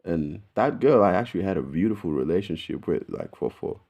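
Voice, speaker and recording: A low, dark-voiced Australian man spins rambling stories straight to camera. His talk is full of slang and swearing, loose and animated. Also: fairly quick, gravelly, muffled recording. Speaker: video host. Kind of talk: casual storytelling to camera.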